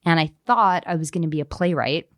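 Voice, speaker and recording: Low-pitched woman, thirties, candid podcast guest, animated storytelling, dry close sound. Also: brisk, dry recording. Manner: animated, acts out quoted voices, frequent fillers. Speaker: author guest.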